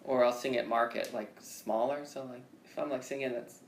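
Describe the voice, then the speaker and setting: A man's voice: medium pitch, steady tone, moderate pace, gravelly, a little hiss or hum. A man teaching singing in a casual one-on-one lesson, with loose, profane, rambling explanations. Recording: echoey room.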